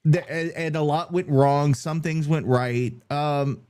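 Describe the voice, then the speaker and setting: A man's voice: a little high, steady tone, takes it slowly, a little mellow, slight background noise. A man from Louisiana with a Cajun accent, hosting a sports podcast in a loose, chatty way with jokey asides. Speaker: podcast host. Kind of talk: casual sports talk.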